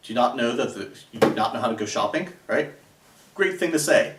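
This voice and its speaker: A man giving casual dating advice in a sarcastic, rambling way, with many fillers. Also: mid-range voice. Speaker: dating coach. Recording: echoey room, voice a bit far from the mic.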